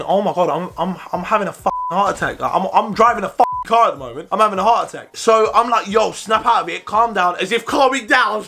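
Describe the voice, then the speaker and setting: A young man telling a story in a casual vlog, animated, swearing a lot and often restarting his sentences. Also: high-pitched. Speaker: vlogger.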